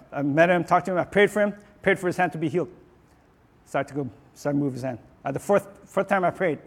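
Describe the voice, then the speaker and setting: A man preaching a sermon in an earnest way, often restarting and repeating words, and rising and getting louder on his declarations. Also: a little high, slightly rough, in a large hall. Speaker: pastor.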